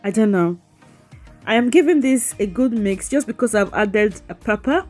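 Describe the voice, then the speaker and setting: A woman's voice: medium pitch, animated, normal speed, darkish tone, faint music behind. A woman cooking vlogger with a chatty, playful manner. She teases her viewers, giggles and talks straight to them as she builds a bowl. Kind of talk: voice-over cooking demo.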